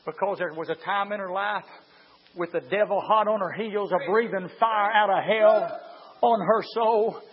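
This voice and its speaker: High-voiced preacher shouting. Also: male voice, moderate pace. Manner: swings from quiet storytelling to high shouted preaching. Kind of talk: fiery sermon. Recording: dull lo-fi church recording.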